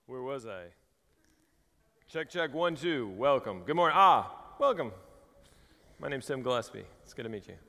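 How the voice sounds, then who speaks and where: Animated joking pastor in a reverberant hall. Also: male voice, mid-range voice, moderate pace, gravelly, pauses often. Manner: animated, jokey, acts out voices. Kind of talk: conversational sermon with humor.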